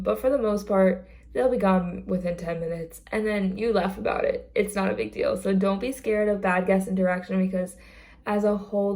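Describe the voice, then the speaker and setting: A woman's voice: medium pitch, dark tone. A young woman chatting casually in a vlog about her work as a theme park greeter, earnest and full of fillers. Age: young adult.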